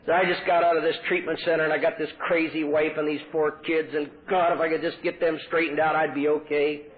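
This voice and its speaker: A man's voice: a little high, little pitch movement, brisk. A man speaking at a recovery convention, telling his story and acting out the voices of the people in it. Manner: storytelling, acts out quoted voices. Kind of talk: recovery talk to a meeting. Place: convention hall. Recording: tinny lo-fi 1980s tape with hiss.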